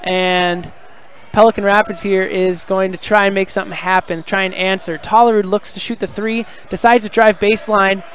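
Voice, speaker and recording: A man doing live play-by-play of a high school basketball game from the gym, excitable and shouting on big plays, with casual chatty asides. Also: moderate pace, slight background noise.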